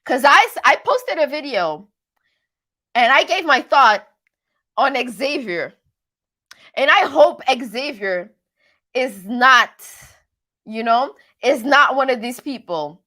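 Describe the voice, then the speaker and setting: A woman's voice: sits high, slow pace, long pauses. A young woman from Quebec with a mixed French-Canadian accent, hosting a casual livestream recap and reading out chat. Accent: Quebecois French-Canadian mix. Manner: chatty, animated, repeats herself often. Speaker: recap show host reading live chat.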